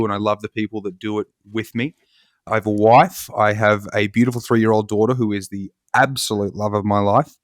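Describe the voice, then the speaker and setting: A man's voice: medium pitch, dry recording, studio quality. A man in his thirties with an Australian accent from Victoria, a guest chatting in a laid-back, jokey way. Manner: jokey, laid-back, says mate often. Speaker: guest, vertical farming founder. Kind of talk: casual interview chat.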